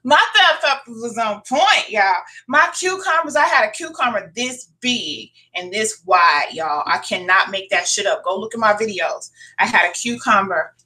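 A woman's voice: mid-range voice, expressive, moderate pace, hardly any pauses, bright, forceful tone, rough recording. A woman hosting her own cooking vlog from her kitchen, chatting casually to viewers, swearing freely and calling them y'all. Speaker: cooking channel host. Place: home kitchen.

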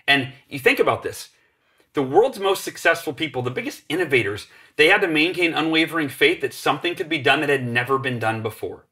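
A man in his forties, a podcast guest telling an animated story and acting out the voices of the people in it. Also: fairly high pitch, a little fast. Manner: acts out voices in his stories, energetic.

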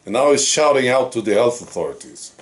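A man's voice: mid-range voice, sing-song, fairly quick. A man with a Swedish accent, hosting his own channel and mocking the news in a casual, amused monologue. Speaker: commentary channel host.

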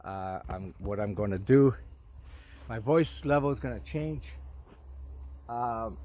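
A man speaking outdoors in his vegetable garden at a middle pitch, with crickets and insects faintly audible behind him. He rambles to the camera in a casual, preachy way and keeps calling his viewers folks. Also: a little mellow, far from the mic, slight background noise, low-quality recording. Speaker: vlogger gardener. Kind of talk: casual garden walk-through vlog. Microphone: camera on tripod outdoors.

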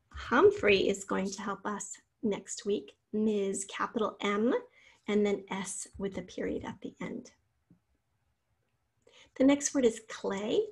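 A woman teacher giving a recorded spelling lesson over slides, spelling out letters slowly and patiently. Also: mid-range voice, vocal fry, a little mellow, breathy edge.

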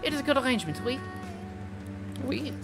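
A game streamer doing a put-on French accent to voice a stylish, self-proud cafe owner, telling the story slowly and grandly. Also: sits high, expressive, voice pushed up. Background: game music.

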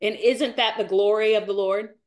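A woman's voice: steady tone, normal speed. Woman, 40s, podcast guest; earnest testimony, near tears, phrases repeated for weight. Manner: earnest, repeats phrases, rises in pitch as she grows tearful. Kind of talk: emotional faith testimony.

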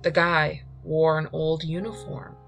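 Slow, low, gravelly woman storyteller. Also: level tone, a bit bright. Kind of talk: horror story narration. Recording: reading over faint music.

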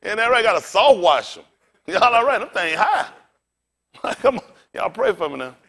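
High-voiced animated male preacher. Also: moderate pace, gravelly. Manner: rowdy, colloquial preaching with call-and-response. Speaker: pastor. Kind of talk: sermon.

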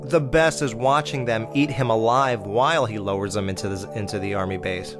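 A man's voice: fairly low pitch, brisk, music in the background. A man in a casual horror-film review monologue, blunt and profane, exclaiming and mocking the characters. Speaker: podcast host reviewing horror films.

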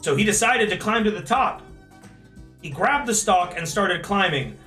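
Young man, streamer, high bright voice, amused, reads aloud, faint background music. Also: lively intonation, normal speed. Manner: amused, laughing often. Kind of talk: reading aloud and joking on stream.

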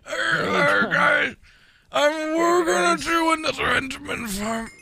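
A man voicing a rambling old grandpa with a high, wavering, shouting old-timer voice. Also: a little slow, gravelly, over a noisy crowd, exaggerated voice. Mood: doddering.

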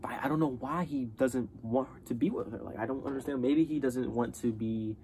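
A man's voice: medium pitch, fairly quick, warm tone, slight background noise. A young man giving a casual spoken review of a TV show, rambling with many fillers and restarts.

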